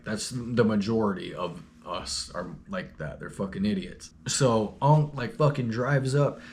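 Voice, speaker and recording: A young man telling a story in a rambling, slangy, profane, laid-back way. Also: on the low side. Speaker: vlogger. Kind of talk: casual storytelling.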